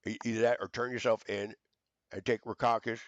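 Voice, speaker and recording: A man's voice: medium pitch, level tone, brisk, no room sound, muffled recording. A man in an angry, profane rant to camera, stammering through fillers and hurling accusations. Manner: shouting accusations, stammering fillers, heavy cursing.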